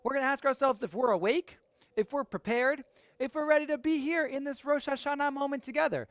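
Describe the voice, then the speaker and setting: A woman's voice: high-pitched, fairly quick, no room sound. A woman leading children through songs in an upbeat, encouraging call-and-response style at a family holiday service.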